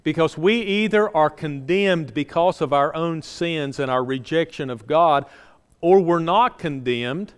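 A man's voice: measured pace, smooth. Earnest preaching man in reverberant church. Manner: earnest preaching, repeats phrases for emphasis, drops low and soft at line ends. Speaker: pastor. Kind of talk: sermon. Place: church sanctuary. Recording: long hall reverb.

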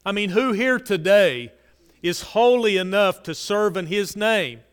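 Earnest preacher in a reverberant hall. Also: male voice, measured pace, smooth. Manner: earnest preaching, repetitive emphasis, drops to soft low lines. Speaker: pastor. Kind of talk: sermon.

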